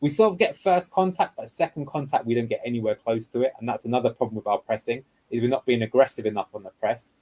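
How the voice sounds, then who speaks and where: Husky man breaking down match clips. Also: mid-range voice, fast, few pauses, mellow, poor audio. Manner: explanatory, walks through clips step by step. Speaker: guest football analyst. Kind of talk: tactical video breakdown.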